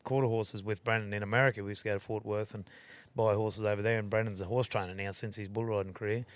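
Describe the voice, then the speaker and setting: A man's voice: lowish voice, fairly even intonation, quick pace, no echo. A man with an Australian accent, a podcast guest telling a rambling, swear-filled story and correcting himself as he goes. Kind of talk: casual storytelling.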